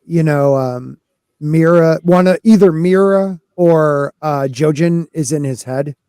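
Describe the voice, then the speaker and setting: A man's voice: fairly high pitch, slow pace, warm tone, clear, resonant tone, dry recording, clean studio sound. A man hosting a casual podcast chat, loose and talkative, greeting live chat viewers as he goes. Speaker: podcast host.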